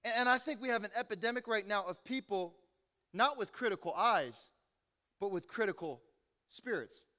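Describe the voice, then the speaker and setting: A man preaching an energetic, joking sermon as pastor, swinging from loud preaching to low asides. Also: normal speed. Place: large church hall. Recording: reverberant hall with music.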